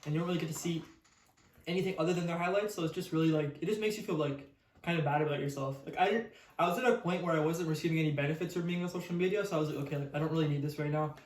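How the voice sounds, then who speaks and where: A man's voice: on the high side, echoey room. A young man co-hosting a podcast, chatting casually and rambling with lots of fillers. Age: young adult. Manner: quick, rambling, many fillers. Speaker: podcast co-host. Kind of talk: casual chat.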